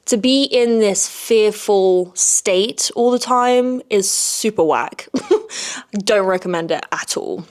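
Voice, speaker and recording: A woman's voice: medium pitch, expressive, takes it slowly. A woman hosting a solo podcast in a casual monologue, frank and blunt, swearing freely and tagging points with "okay?". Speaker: podcast host.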